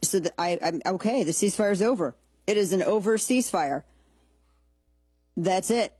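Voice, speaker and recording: Husky-voiced woman hosting blunt political talk. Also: mid-range voice, moderate pace, warm tone, dry recording. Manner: sarcastic, blunt and jokey, with frequent restarts. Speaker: political talk show host. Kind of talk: opinionated political commentary.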